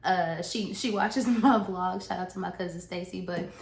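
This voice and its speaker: With a lowish voice, vocal fry, and moderate pace, a Southern US woman chats casually to camera as a vlogger. She laughs frequently, starts her sentences over, and is a bit out of breath. Her echoey room has faint noise.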